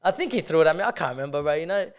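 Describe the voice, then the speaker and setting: Talking very fast with lively intonation and a fairly high pitch, this young podcast co-host spins rambling, profanity-laced stories. He keeps laughing throughout the casual chat.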